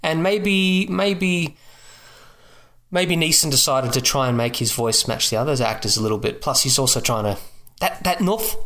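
A man's voice: on the high side, animated, moderate pace, a bit bright. A man co-hosting a podcast, speculating casually about a film in a musing way. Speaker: podcast co-host. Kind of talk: casual film-review chat.

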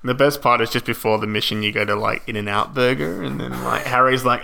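Gravelly, bright-voiced laughing man. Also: medium pitch, fairly even intonation, moderate pace, slight background noise. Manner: laughing, acts out quoted lines. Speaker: podcast co-host. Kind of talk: casual film commentary chat.

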